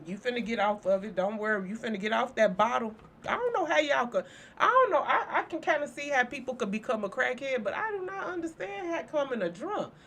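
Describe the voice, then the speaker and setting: A woman's voice: on the high side, lively intonation, fairly quick, fairly bright tone. A woman hosting a spiritual channel, talking casually and bluntly to her viewers, joking and cursing freely. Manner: blunt, profane, joking, speaks straight to viewers.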